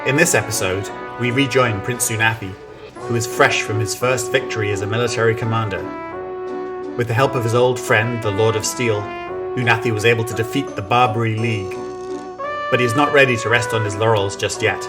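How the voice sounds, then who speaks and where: A man announcing a story episode, giving a slow, formal scripted introduction. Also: lowish voice, fairly even intonation. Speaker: show announcer. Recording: loud theme music under voice.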